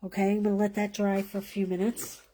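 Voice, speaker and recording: A woman's voice: medium pitch, monotone, fast talker, dark tone, slight background noise. A woman leading a live card-making class, chatting as she demonstrates and thinking aloud, sometimes dropping to a whisper as she works.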